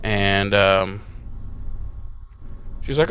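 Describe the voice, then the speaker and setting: A man co-hosting a podcast, recapping an episode in a profane, sarcastic, animated way. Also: on the high side, unhurried, clean tone. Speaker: podcast co-host. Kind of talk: casual recap chat.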